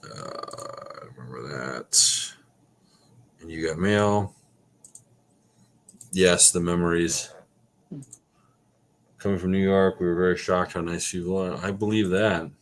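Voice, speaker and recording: With a deep voice and measured pace, a man from Wisconsin reads his livestream chat aloud against slight background noise. The talk is casual, full of joking and easygoing swearing as he reminisces.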